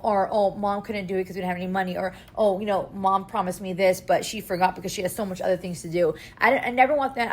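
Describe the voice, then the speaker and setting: Emotional swearing mom venting on a podcast. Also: female voice, medium pitch. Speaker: podcast host, mother of three. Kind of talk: casual emotional podcast monologue.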